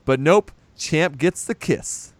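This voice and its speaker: A man's voice: a little high, slow, dry recording. A man recapping a film in loose casual chat, swearing freely and laughing as he retells the scenes. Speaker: podcast co-host recapping a film.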